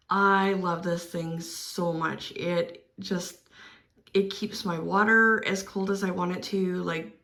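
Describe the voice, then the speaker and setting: A woman's voice: lowish voice, gravelly. A woman vlogging in a casual, chatty way, laughing often and speaking candidly and with feeling about her favourite planner and home products. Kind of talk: casual chat to camera.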